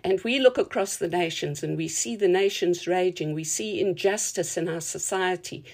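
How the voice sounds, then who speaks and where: A woman's voice: fairly low pitch, normal speed, a little mellow. A woman preaching a sermon in an earnest, reflective teaching tone.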